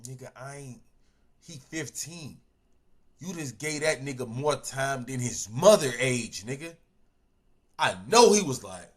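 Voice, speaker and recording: A young man reacting to a video in casual commentary, loud and animated, riffing in heavy slang and profanity. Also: medium pitch, a little slow, long pauses.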